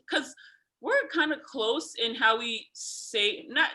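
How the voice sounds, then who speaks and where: A young woman with a Nigerian accent chats in a casual interview, laughing often as she tells her stories. Her voice sits a little high and sounds bright. It comes through a video call. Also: slow pace. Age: young adult. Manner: animated storytelling, laughs often. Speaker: college basketball player.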